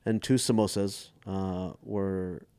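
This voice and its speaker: Low-voiced animated storyteller, a man. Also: slow, smooth, dry recording. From Dallas area, Texas. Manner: animated storyteller who slips into voices and laughs often. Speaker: comedian guest. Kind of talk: casual storytelling chat.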